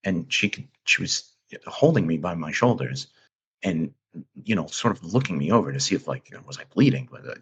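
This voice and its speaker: A man with a low, husky voice tells a personal story in a halting, earnest way. He often restarts his sentences while he looks for the right words. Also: very animated, muffled recording. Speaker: guest recounting an encounter. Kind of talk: casual storytelling.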